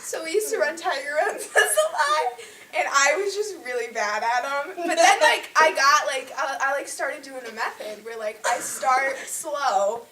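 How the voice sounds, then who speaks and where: A woman's voice: high voice, expressive, unhurried, bright, forceful tone. A teenage girl on a volleyball team telling a story in casual group chat, giggling and saying "like" a lot. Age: teens. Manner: giggly storyteller, many likes. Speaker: senior volleyball player. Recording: echoey room, far from mic, noisy.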